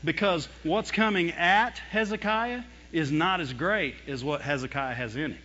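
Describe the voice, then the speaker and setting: A man preaching a sermon in a voice that sits a bit high for a man. He is animated and expressive, acting out whiny and fearful voices and breaking into laughs. The sound is dull and lo-fi. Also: moderate pace, in a large hall.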